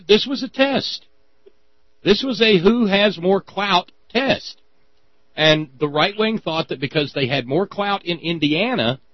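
A man's voice: sits high, dry recording, dull audio. A man hosting a political radio talk show, sardonic and colorful in his speech. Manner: sardonic, colorful, quick-witted.

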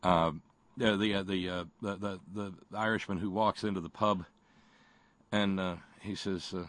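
A man hosting a casual call-in talk show, speaking haltingly with many restarts and pauses. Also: sits low, fairly even intonation, a bit bright, no echo. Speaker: radio talk host.

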